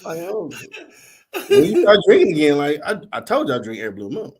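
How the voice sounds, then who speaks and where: A man's voice: a little high, fairly quick. A middle-aged man, hosting a podcast and telling a story in casual slang, acting out the other people's lines. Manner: animated, slangy, acts out quoted voices. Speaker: podcast host.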